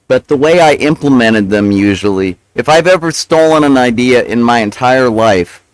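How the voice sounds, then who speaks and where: A man's voice: mid-range voice, rough recording. A man ranting casually on his live stream, cursing and sometimes mumbling with food in his mouth. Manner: ranting, profane, self-justifying; mumbling with mouth full while eating. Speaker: livestreamer. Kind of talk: casual rambling stream talk.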